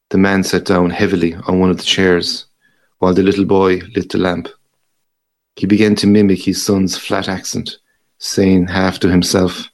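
A man reading a short story aloud in a measured, deliberate way. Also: sits low, little pitch movement. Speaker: reader.

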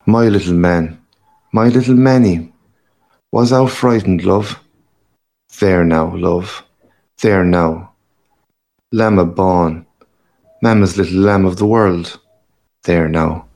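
A man's voice: lowish voice, quick pace, few pauses, darkish tone, slightly rough. A man reading aloud, voicing a frantic young mother in a raised, cooing voice. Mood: soothing. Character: frantic young mother, fierce then tender. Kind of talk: audiobook reading.

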